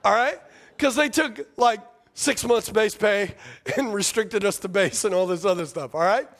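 A man with a very high voice preaches to his congregation in a loose, conversational way. He repeats himself for emphasis, throws questions at the room, and climbs toward near shouts before sinking to a hush. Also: moderate pace. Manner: rises to near shouting at climaxes, drops to hushed tones in prayer. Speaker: pastor. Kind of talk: sermon.

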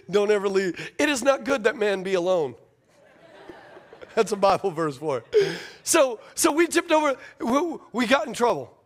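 A male pastor preaching a sermon to his congregation, talking casually, repeating phrases, asking questions, and building to near shouts. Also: high voice, very animated, a little slow, pauses often. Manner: rises to near shouting at climaxes, drops to hushed tones in prayer.

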